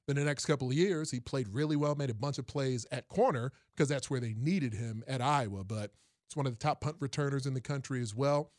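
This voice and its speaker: A man's voice: mid-range voice, brisk, darkish tone, no echo, studio quality. A man in casual sports talk, analyzing a football prospect in detail and often repeating words as he starts a thought.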